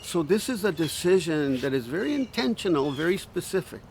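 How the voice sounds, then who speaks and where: A male pastor giving a short sermon in slow, earnest, pausing phrases, easing into a gentle hush at times. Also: a little high, big pitch swings, gravelly, slight background noise.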